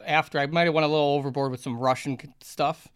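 A man's voice: a little high, fairly even intonation, fast, clean tone. A man co-hosting a casual podcast chat, rambling with lots of fillers. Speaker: podcast co-host.

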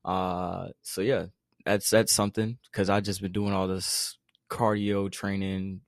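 A man's voice: low-pitched, little pitch movement, unhurried, no room sound, studio quality. A young man from the Carolinas co-hosting a podcast in casual, slangy chat, often laughing. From North Carolina. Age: young adult. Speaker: podcast co-host.

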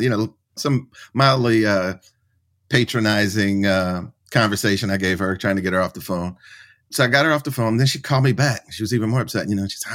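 Low-voiced man telling a story. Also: moderate pace. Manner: animated storyteller, acts out quoted voices. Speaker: author and professor, podcast guest. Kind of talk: storytelling interview answer.

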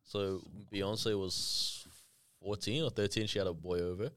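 A man co-hosting a podcast, telling a story in casual chat, lively and laughing, acting out the people in it. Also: low voice, unhurried. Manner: lively, laughing, acts out voices in his stories. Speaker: podcast co-host.

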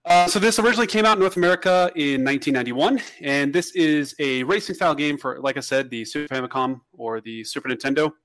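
A man's voice: a little high, quick pace, few pauses, a bit bright. A man co-hosting a casual podcast, talking at length in a rambling way with many restarts. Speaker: podcast co-host. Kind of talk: casual chat.

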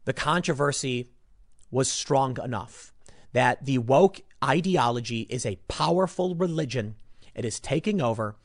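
A man delivering opinionated commentary, sarcastic and mocking, swinging between loud outbursts and muttered asides. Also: mid-range voice, animated, unhurried, no echo, clean studio sound.

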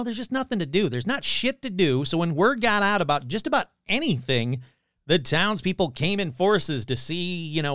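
Animated sarcastic male podcast host. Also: fairly high pitch, dry recording, clean studio sound. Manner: sarcastic, profane, animated retelling. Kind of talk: casual comedic storytelling.

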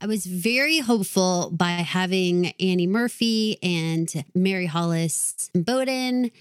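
Low-voiced woman podcast co-host. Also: takes it slowly, smooth, no echo, clean studio sound. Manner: earnest and enthusiastic, conversational. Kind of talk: casual podcast chat.

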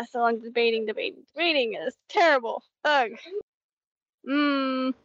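A woman playing a tabletop role-playing game, giggly, swearing and thinking out loud. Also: high-pitched, a little slow, highs cut off. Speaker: player. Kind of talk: casual tabletop game play.

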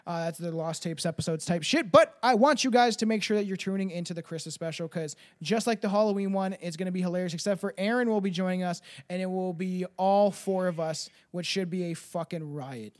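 A man's voice: high-pitched, brisk, few pauses. A man hosting a casual podcast, rambling and swearing freely, laughing often between thoughts. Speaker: podcast host.

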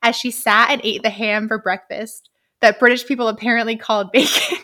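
A woman co-hosting a casual book podcast, chatting wryly with quick, joking asides. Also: on the high side, fairly even intonation, pushed and bright. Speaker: podcast co-host. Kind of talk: casual book-club chat.

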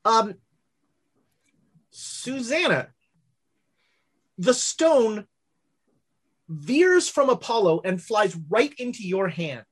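A woman's voice: on the high side, big pitch swings, drawn-out words, pauses often, slightly rough. A woman narrating as game master of a tabletop game, rambling with fillers and corrections.

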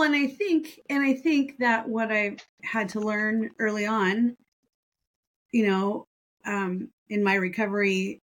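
A middle-aged woman in casual podcast chat, expressive and laughing often, acting out quoted voices. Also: mid-range voice. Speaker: podcast co-host.

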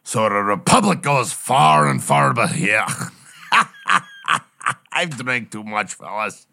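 A man voicing a drunk, crude, loudmouthed male dwarf in an improvised comedy podcast. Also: on the low side, big pitch swings, slow, vocal fry, heavily acted. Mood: tipsy. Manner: rowdy, shouting, crude.

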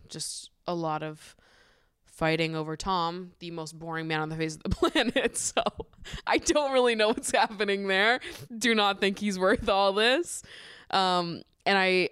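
A young woman podcast host with a smooth, resonant voice that sits a little low. She chats casually and gushingly, filling her talk with "like" and laughing often. Her voice sounds dry and close. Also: no echo. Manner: chatty and gushing, heavy filler "like", laughs often; acts out quotes with animated voices. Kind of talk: casual chat recapping a reality show.

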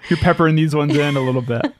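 A woman's voice: sits low, quick pace, slight background noise. A woman hosting a podcast in casual chat, talking in a chatty, self-mocking way and rambling through her guesses. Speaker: podcast host.

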